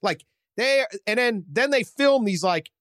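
A man hosting a casual sports podcast, animated and laughing often. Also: very high voice, measured pace, no room sound, studio quality. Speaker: podcast host.

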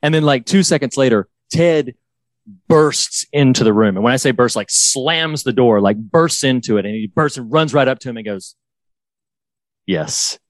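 A man's voice: mid-range voice, normal speed, no echo. Enthusiastic man recapping a show. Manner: enthusiastic, quotes lines from the show. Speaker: podcast co-host. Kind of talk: casual chat.

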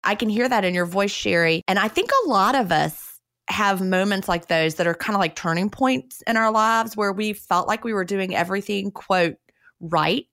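Gravelly-voiced woman podcast host. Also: medium pitch, moderate pace, dry recording, studio quality. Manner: warmly empathetic, sharing her own experience. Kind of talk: interviewing.

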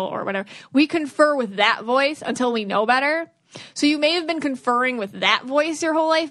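A woman's voice: a little high, a bit bright, no room sound. A woman hosting a podcast, giving spiritual advice in an earnest, rambling way that restarts sentences. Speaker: podcast host, aura reader.

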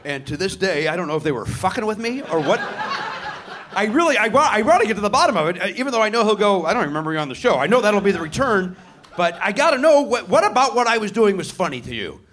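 A man's voice: sits high, big pitch swings, fast talker, a bit bright. A man hosting a live comedy podcast on a theatre stage, riffing sarcastically and swearing freely.

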